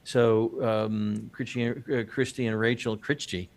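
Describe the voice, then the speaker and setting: A podcast host talks a little slowly in a steady, mid-range voice. He chats casually about business, rambling and joking, with lots of fillers and restarts.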